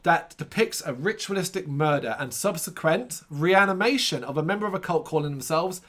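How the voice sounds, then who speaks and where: A man's voice: on the high side, animated, brisk, fairly bright tone. A man co-hosting a casual film review podcast, sarcastic and swearing freely, with mocking asides. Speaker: podcast co-host.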